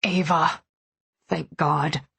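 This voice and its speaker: A woman voicing an anxious, intense wealthy young man in an audiobook, speaking low, urgent and hushed. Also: fairly even intonation, drawn-out words, gravelly, breathy edge, dry recording, full character voice. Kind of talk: audiobook dialogue.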